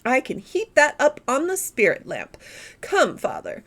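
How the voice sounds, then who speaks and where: A woman's voice: high-pitched, wildly swooping pitch, unhurried, fairly bright tone, full character voice. A woman voicing a prim, disapproving, thrifty older woman on a tour.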